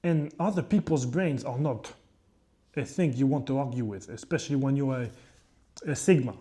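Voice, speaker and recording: A man's voice: medium pitch, normal speed, mellow. A man in his twenties with a French accent, talking casually to the camera in a rambling, profane vlog monologue with frequent asides. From France. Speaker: chef and fitness creator.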